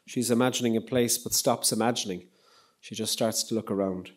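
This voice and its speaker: A man giving a public lecture on poetry and prayer, in a measured, reflective way with frequent pauses. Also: lowish voice. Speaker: lecturer and poet. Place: lecture hall.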